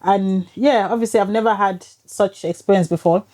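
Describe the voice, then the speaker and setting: Woman guest, 40s, mellow voice, animated storytelling, podcast studio. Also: medium pitch, moderate pace. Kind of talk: casual chat, storytelling.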